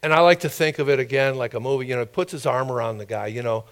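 A man delivers a conversational sermon to his congregation, relaxed and easygoing, with a slightly bright voice at an ordinary middle pitch. Every so often he pauses to toss quick asides and questions at the people before him.

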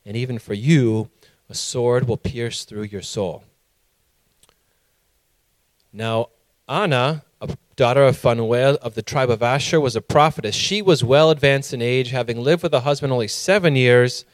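A man preaching a sermon who reads scripture and tells a personal story, acting out his own past lines loudly. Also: mid-range voice, no echo.

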